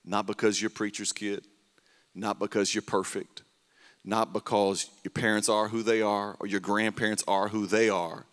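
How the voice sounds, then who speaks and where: A male pastor, preaching a sermon and telling stories, swinging between loud bursts and hushed, tender lines. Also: lowish voice, little pitch movement, normal speed. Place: church sanctuary. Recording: reverberant church hall.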